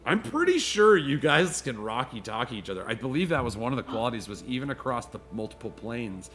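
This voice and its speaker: A man's voice: mid-range voice, sing-song, a little fast, a bit bright, faint music behind. A man narrating as game master of a tabletop game, in a loose, easygoing way with lots of "you know".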